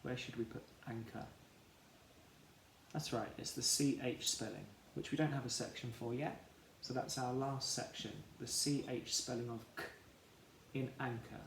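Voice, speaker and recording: A man teaching a children's phonics lesson, slowly sounding out letters and syllables in an encouraging way. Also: mid-range voice, steady tone, gravelly. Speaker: primary school teacher. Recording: echoey room, faint background noise.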